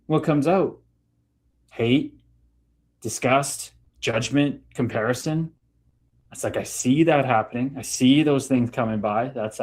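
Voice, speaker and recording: A man hosts a casual podcast and muses on ego and personal growth. He uses spiritual terms and swears casually. His voice sits at an ordinary middle pitch. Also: darkish tone. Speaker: podcast host. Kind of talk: casual conversation.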